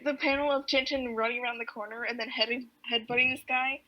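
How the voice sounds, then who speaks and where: A woman's voice: fairly high pitch, steady tone, fast, dull audio. A woman co-hosting a podcast, casually retelling a comic, giggly, with lots of "like". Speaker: podcast co-host.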